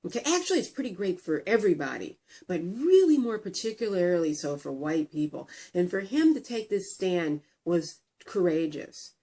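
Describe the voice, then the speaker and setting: A woman's voice: on the low side, big pitch swings, normal speed, mellow. A woman vlogger telling a story in a casual commentary video, blunt and profane, often stumbling over and repeating words.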